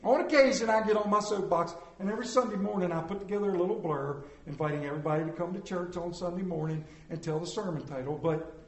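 A man's voice: high voice, fast, roomy sound. A man preaching a sermon as pastor, folksy and conversational, asking his congregation rhetorical questions.

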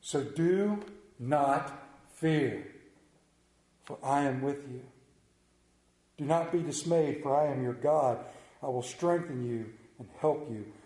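A man preaching a sermon in a church, pausing for effect and dropping to a hushed voice on key words. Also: medium pitch. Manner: dramatic pauses, drops to a hushed voice on key words. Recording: echoey room.

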